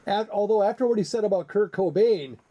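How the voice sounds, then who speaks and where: A man's voice: sits high, brisk, muffled recording. A man co-hosting a comedy podcast, chatting casually with a joking, rambling, teasing manner. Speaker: podcast co-host.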